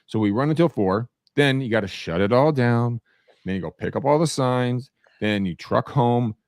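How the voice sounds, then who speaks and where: A man co-hosting a casual podcast chat about real estate, an animated storyteller who acts out quoted people. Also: medium pitch, normal speed, dry recording, studio quality.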